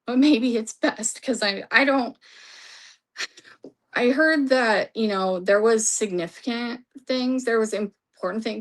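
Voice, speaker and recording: A woman's voice: a little high, takes it slowly. A woman recapping a court trial in a casual, rambling way, reading from her notes and losing her voice. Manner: rambling, restarts, reads from notes.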